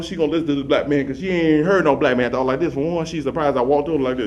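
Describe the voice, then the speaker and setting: A man telling rambling comic stories in a rapid, run-on, repetitive way, animatedly acting out the scenes. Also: fairly high pitch, a little mellow, muffled recording. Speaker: comic storyteller.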